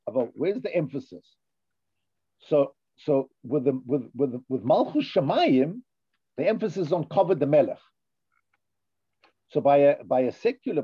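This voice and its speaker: A man's voice: a little high, husky, no room sound, dull audio. A man teaching a conversational Torah class, thinking aloud with restarts and checking in with "yeah?".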